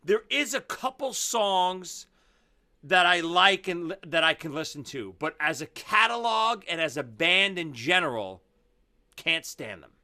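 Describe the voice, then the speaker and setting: A blunt, opinionated man chatting casually on a talk show, his voice bright and lively as it jumps around in pitch. He often trips and restarts mid-sentence before landing his point. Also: measured pace. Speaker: podcast co-host. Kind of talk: casual chat.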